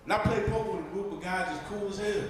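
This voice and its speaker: A man's voice: high voice, fast talker. A male comedian doing a stand-up set with brash, boastful punchlines. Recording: echoey club mic with crowd.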